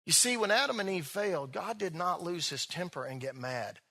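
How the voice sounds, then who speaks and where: Guy preaching a sermon, pretty high voice, leans hard on key words then drops way down soft. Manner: emphatic, drawn-out preaching delivery with swings between loud and soft. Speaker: pastor.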